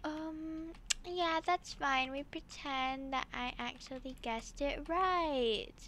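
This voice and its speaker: A woman hosting casual gameplay commentary, excitable and full of exclamations as she talks to her viewers. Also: high voice, slow, slight background noise. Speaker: gaming channel host.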